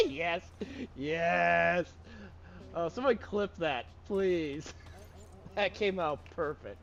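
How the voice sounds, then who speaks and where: A man streaming a game, chatting casually; he has an unusually high voice, gets excitable, giggles a lot and swears freely. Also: drawn-out words, creaky, long pauses, highs cut off, a little hiss or hum. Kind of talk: casual gaming stream chat.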